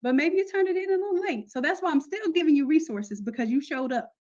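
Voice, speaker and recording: A woman with a high voice leads a live online class in a loose, chatty way, full of slang and direct asides to her students. Her tone stays upbeat and informal. The audio sounds a little muffled and lo-fi. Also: animated, quick pace, darkish tone. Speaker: online course instructor. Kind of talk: casual live class talk.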